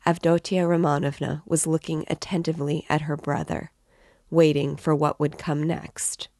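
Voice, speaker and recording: Steady woman narrating a novel. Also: sits low, moderate pace, dry recording, clean studio sound. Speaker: reader and guide. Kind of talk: reading a classic novel aloud.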